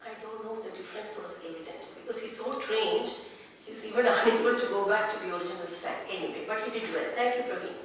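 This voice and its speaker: A woman's voice: mid-range voice, racing. A woman giving a guest lecture on voice training and explaining step by step. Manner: explains step by step, asks the audience questions. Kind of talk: lecture with demonstrations. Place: large echoey meeting hall. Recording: echoey hall from far off, steady noise.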